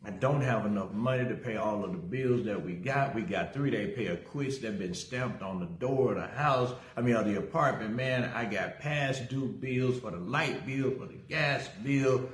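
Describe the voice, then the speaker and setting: A man's voice: medium pitch, normal speed, hardly any pauses. A middle-aged male pastor giving a casual livestream sermon. He talks energetically, greets viewers by name and tells a story from his own life. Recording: roomy echo.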